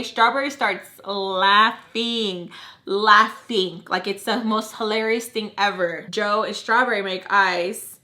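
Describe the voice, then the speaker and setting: A woman in her thirties tells a personal story in a chatty, dramatic way. Her voice is bright and sits at a middling pitch. She talks casually, as if confiding in friends. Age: 30s. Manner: chatty and dramatic, leaning on fillers. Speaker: storytime vlogger.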